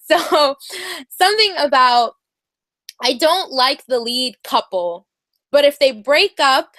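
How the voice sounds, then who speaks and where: Slow-talking giggly young woman. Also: sits high, lively intonation, pushed and bright, no echo. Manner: bubbly and giggly, heavy use of "like". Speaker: drama reviewer. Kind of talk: casual chat.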